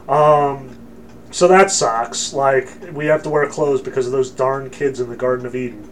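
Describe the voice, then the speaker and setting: A man's voice: mid-range voice, fairly even intonation, normal speed, a little hiss or hum. A man lecturing on scripture in a casual, emphatic, joking way with frequent fillers. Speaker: religion lecturer.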